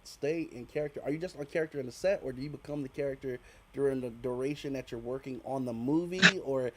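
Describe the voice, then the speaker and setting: A man hosting a podcast, asking an actress questions in a halting way, often repeating words as he builds up the question. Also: medium pitch. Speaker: podcast host. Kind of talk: casual interview questions.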